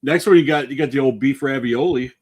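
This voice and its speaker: A man's voice: medium pitch, a little fast, husky. A man co-hosting a casual podcast, telling stories and swearing freely. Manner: profane, storytelling, laughing. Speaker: podcast co-host. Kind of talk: casual banter.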